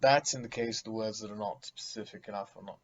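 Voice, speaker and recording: A man's voice: fairly low pitch, fairly even intonation, fast, highs cut off. A man giving a vocabulary lesson, speaking emphatically and theatrically, mocking vague words with acted examples. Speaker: teacher.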